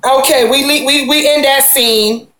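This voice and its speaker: Chatty, high, bright-voiced woman recapping. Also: steady tone, measured pace, echoey room, low-quality recording. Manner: chatty, opinionated, acts out quotes with slang. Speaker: reality TV recap host. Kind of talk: casual recap commentary.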